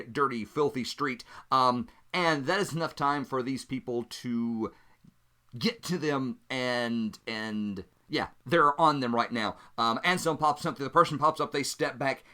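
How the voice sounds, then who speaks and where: A man's voice: medium pitch, bright, forceful tone. A man narrating a solo tabletop game as game master, thinking aloud and explaining his dice rolls.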